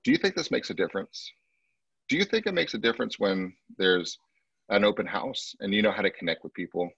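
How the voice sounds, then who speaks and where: Husky low-voiced man teaching a sales class. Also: lively intonation, a little fast, fairly bright tone, no room sound, dull audio. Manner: emphatic, acts out client quotes in a much higher voice. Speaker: real estate sales trainer. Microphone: video call.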